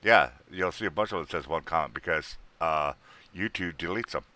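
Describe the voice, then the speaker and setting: A man's voice: a bass voice, a little fast, bright, forceful tone, a little hiss or hum. A tired man hosting a casual livestream, joking and drawling as he tries to sell items. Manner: joking, drawling, mock auctioneer patter. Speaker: livestream host selling game items.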